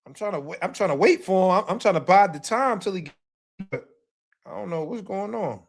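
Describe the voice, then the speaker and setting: High-voiced man hosting boxing talk. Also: lively intonation, a little fast, gravelly. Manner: emphatic, repeats himself, slangy. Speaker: boxing talk show host. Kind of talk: casual livestream boxing commentary.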